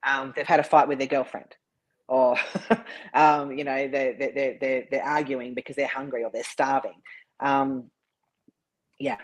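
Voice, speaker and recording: A woman's voice: extremely low pitch, little pitch movement, normal speed, rough recording. A woman bodybuilder, a guest in an interview, telling her story earnestly and restarting her sentences often. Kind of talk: casual interview chat.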